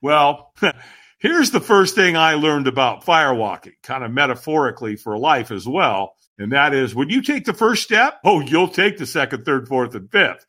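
A man's voice, a little higher than usual, swinging widely in pitch as he tells a personal story. His tone is bright and forceful, and he talks emphatically as a podcast guest, acting out other people's lines. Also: sing-song, moderate pace. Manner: acts out quoted voices, emphatic. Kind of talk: animated storytelling in conversation.

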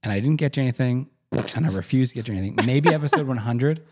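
A man's voice: mid-range voice, fast talker, a little mellow. A man co-hosting a podcast in casual chat, joking, laughing often and restarting his sentences. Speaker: podcast co-host.

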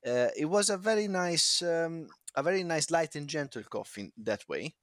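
A man's voice: fairly high pitch, animated, normal speed, a bit bright, dry recording. Dry-toned man, teasing co-host. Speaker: podcast co-host. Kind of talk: casual chat.

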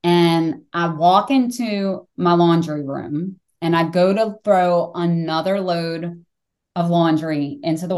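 A middle-aged woman hosting a podcast, telling stories in casual conversation, animated and swearing freely. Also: fairly low pitch. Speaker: podcast host.

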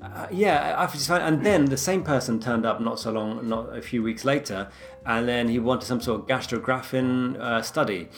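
A man chats casually as a podcast co-host. He is an animated storyteller who acts out every line he quotes. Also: mid-range voice, normal speed, over music. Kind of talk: casual chat.

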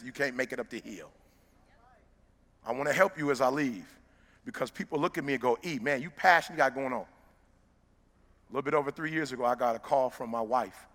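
A man's voice: mid-range voice, fairly bright tone. A man who works as a motivational speaker talks straight to a live audience in an emphatic, preacher-like way. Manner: emphatic, preacher-like, direct address to listeners. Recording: long reverb of a large hall.

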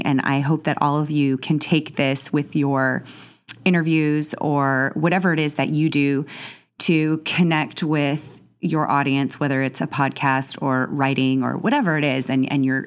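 A woman's voice: deep voice, fairly even intonation, moderate pace. A woman hosting a podcast, talking in a chatty, gushing way with lots of fillers. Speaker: podcast host. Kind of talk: casual podcast intro monologue.

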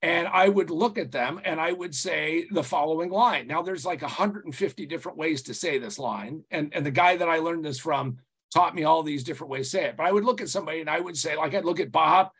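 Husky, rambling male podcast guest. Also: fairly high pitch, brisk. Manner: rambling, animated, frequent "you know" and restarts, swears casually. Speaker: business consultant guest. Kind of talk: podcast interview storytelling.

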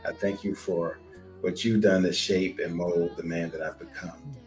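A man's voice: low voice, steady tone, normal speed, soft background music. A middle-aged man co-hosting a podcast, giving an earnest, emotional tribute spoken directly to his mother. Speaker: podcast co-host.

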